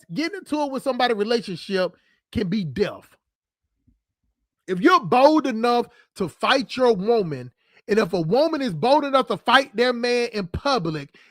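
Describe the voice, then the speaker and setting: Male livestream host, high-pitched, dry close sound, profane off-the-cuff rants. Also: big pitch swings, no echo. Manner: blunt, profane, fast-talking, jumps between subjects. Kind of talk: unscripted livestream rant.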